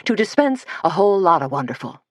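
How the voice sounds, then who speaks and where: A woman's voice: on the low side, big pitch swings, fast, no echo. A woman narrator voicing a flamboyant, gossipy male hair stylist with a theatrical manner. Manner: theatrical, shrieking.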